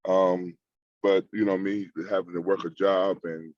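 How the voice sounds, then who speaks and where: Halting man on a lo-fi call. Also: low-pitched, level tone, a little mellow, no echo. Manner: halting, many fillers and restarts. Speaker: caller. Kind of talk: call-in question. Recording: dull lo-fi call audio.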